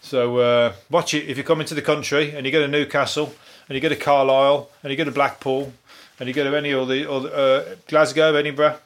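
A man's voice: medium pitch, level tone, a little fast. Sweary Birmingham-accented man rambling. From England. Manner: rambling, sweary and self-mocking, with laughs and restarts. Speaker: podcast host. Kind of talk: casual solo podcast monologue.

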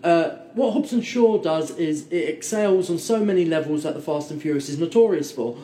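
Man, high voice, mellow tone, rambling enthusiastic film talk, echoey room. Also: normal speed. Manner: enthusiastic, rambling, quotes people in put-on voices. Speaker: film podcast co-host. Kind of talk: casual film chat.

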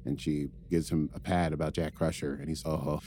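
A man recapping an episode in relaxed, wry chat, chuckling at his own asides. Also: extremely low pitch, brisk. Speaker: podcast co-host recapping episodes.

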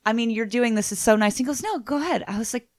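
A woman co-hosting a casual podcast chat, telling stories with lively energy and frequent swearing. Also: on the high side, fast, no room sound, studio quality. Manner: animated storyteller, swears freely. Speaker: podcast co-host.

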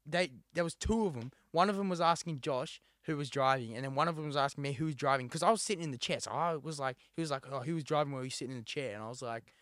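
A man's voice: on the high side, fast talker, few pauses, a bit bright, no room sound, studio quality. A young man co-hosting a casual chat, telling a story in a rambling way, full of fillers and quoted lines. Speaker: podcast co-host.

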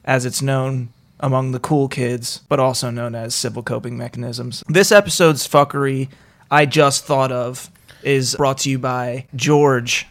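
A man's voice: mid-range voice, steady tone, a little slow. A man hosting a podcast in casual chat, joking, swearing and laughing often as he introduces his guests. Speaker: podcast host.

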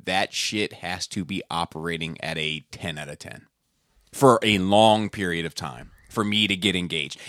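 Bright-voiced, low-pitched man chatting. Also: no room sound, studio quality. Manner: animated, profane, laughs loudly and often. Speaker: podcast co-host. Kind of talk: casual chat.

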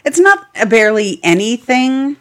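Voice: medium pitch, very animated, normal speed. Dry co-host with wry asides. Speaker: podcast co-host. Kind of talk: casual chat.

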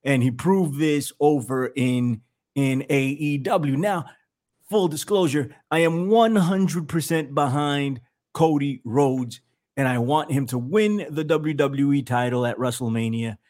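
A man hosting a podcast in casual chat, animated and jokey, laughing often as he riffs. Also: medium pitch, a little slow. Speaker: podcast host.

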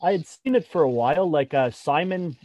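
A man's voice: on the high side, lively intonation, dry recording. A man who competes in and teaches jiu-jitsu talks loosely, stopping and restarting with plenty of fillers. His voice comes through dull and muffled, and the room sounds dry and close. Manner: halting, with many fillers and restarts. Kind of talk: casual interview talk.

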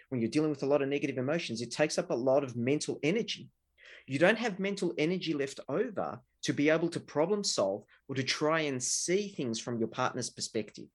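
A man's voice: medium pitch, husky. A middle-aged man, a relationship researcher, explaining couple conflict earnestly with examples. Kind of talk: explanatory interview talk.

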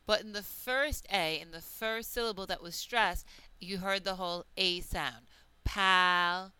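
A woman teaching a pronunciation lesson, reading out example words slowly and deliberately. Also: medium pitch, pushed and bright, clear, resonant tone, no echo, low-quality recording. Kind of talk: slow, careful pronunciation lesson.

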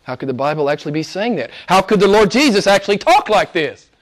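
Pastor preaching with dramatic dynamics. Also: male voice, high voice, very animated, quick pace. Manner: swings between soft near-whispers and loud emphatic preaching. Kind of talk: sermon.

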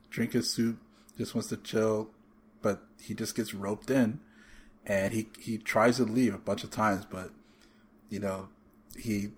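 Low-pitched man, casual podcast chatter, rambling with fillers, faint ambience behind. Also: slight background noise. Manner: rambling, many fillers and restarts. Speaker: podcast panelist. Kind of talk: casual chat.

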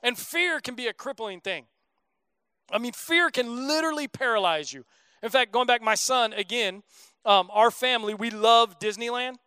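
A man's voice: extremely high pitch, expressive, normal speed, bright, forceful tone, clean tone, no room sound. A man in his thirties preaching a sermon as a pastor, in a casual, joking, conversational way.

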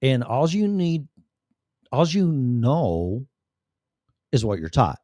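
A man's voice: mid-range voice, very animated, slow, mellow, dry recording. A man hosting a livestream in a casual ranting monologue, profane and rambling, with sudden shifts of voice. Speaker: livestream host.

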